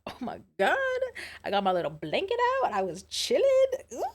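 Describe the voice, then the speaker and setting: A woman streaming a story game, chatting casually and gushing with animated, casual swearing. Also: mid-range voice, a little fast, slightly rough. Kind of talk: casual live-stream chat.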